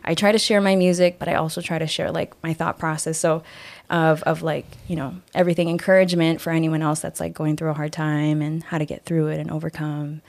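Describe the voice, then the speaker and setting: Lively young woman, low voice, telling a story. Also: fairly quick, gravelly, hardly any pauses. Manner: lively storyteller, acts out quoted voices, many "like" fillers. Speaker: guest, singer-songwriter. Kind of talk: casual interview storytelling.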